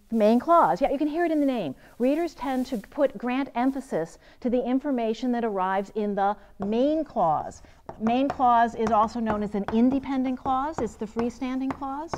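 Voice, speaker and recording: A woman teaching a writing workshop, lecturing with energy and quizzing her audience as she goes. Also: fairly high pitch. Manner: lively, asks the audience questions and answers them. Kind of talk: seminar lecture. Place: seminar room.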